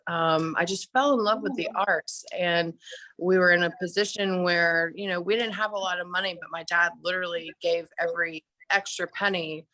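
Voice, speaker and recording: A woman from Atlanta with a general American accent, telling her story as a guest in a casual interview, quick and talkative with many fillers. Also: on the low side, fairly bright tone, no room sound. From Atlanta, Georgia, US. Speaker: guest, film director and actress.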